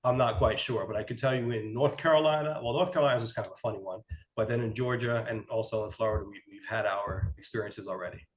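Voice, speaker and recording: A man's voice: fairly low pitch, fast, rough recording. A man with a New York accent, co-hosting a podcast and casually telling a road trip story with frequent laughs. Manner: relaxed, anecdotal, laughs often. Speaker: podcast co-host.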